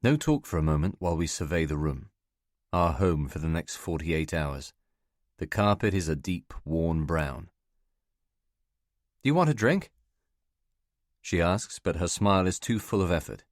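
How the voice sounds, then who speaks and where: A man giving measured, scripted first-person narration of a novel for an audiobook. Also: deep voice, dry recording, studio quality.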